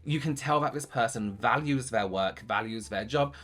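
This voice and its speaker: A man's voice: mid-range voice, moderate pace, a bit bright, faint music behind. A man hosting a reaction video, giving sarcastic commentary on social media posts and reading them aloud.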